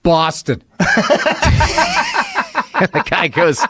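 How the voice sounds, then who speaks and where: A man's voice: fairly high pitch, lively intonation, normal speed, fairly bright tone, dry recording, faint music behind. A man chatting casually on a podcast, telling swear-filled stories and laughing often. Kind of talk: casual chat.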